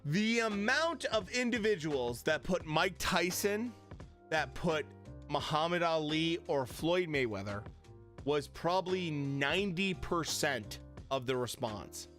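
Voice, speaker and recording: A man streams from his home room in a blunt, cursing, casual chat. His pitch sits a little high and swings widely, though he takes his time. Faint music plays underneath. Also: expressive, slow pace, a bit bright. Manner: blunt and profane, riled up. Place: home streaming room with lit panel backdrop.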